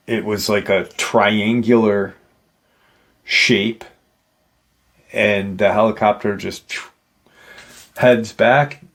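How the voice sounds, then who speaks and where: A man with a low, gravelly voice retells a paranormal encounter at an unhurried pace. He rambles, often breaking off with "you know" asides, in a casual storytelling manner. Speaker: paranormal storytelling channel host.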